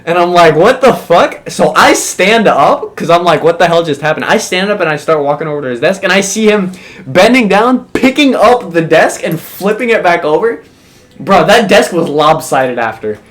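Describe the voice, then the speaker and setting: A young man tells a funny story from school, animated and profane, swearing often and laughing as he goes. His voice sits high and his pace is moderate.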